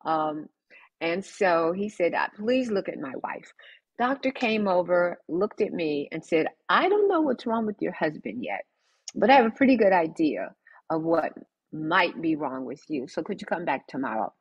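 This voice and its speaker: An older woman, a podcast guest, telling her story in an animated, emphatic way and acting out the dialogue. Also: on the low side, normal speed, slightly rough, no echo, dull audio. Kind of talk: conversational storytelling.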